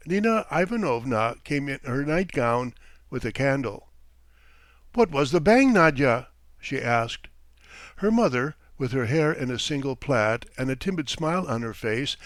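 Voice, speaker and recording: A man narrating a classic short story as an audiobook in a measured, even storytelling manner on a close mic. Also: mid-range voice, no room sound. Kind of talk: scripted narration.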